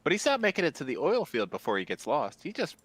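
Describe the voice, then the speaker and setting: A man's voice: fairly high pitch, wildly swooping pitch, quick pace, a bit bright, husky, dry recording. A man playing a multiplayer game, asking questions and thinking aloud on voice chat. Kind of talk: casual gaming chat.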